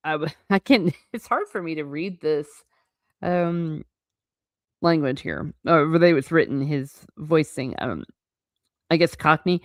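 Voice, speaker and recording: Woman, book channel host, reading aloud and commenting, frank, opinionated, lowish voice, dry sound. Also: sing-song, moderate pace, no room sound. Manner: frank and opinionated, stumbling over words.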